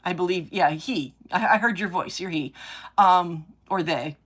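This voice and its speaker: A woman's voice: lowish voice, measured pace. A woman hosting a live crafting stream, chatting casually and rambling, often gushing with delighted exclamations. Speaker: craft livestream host.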